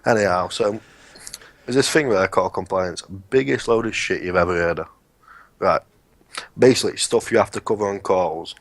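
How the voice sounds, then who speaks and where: A man's voice: low voice, moderate pace, no room sound. A man co-hosting a podcast, telling work stories in a blunt, sweary, casual way. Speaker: podcast co-host. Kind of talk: casual chat.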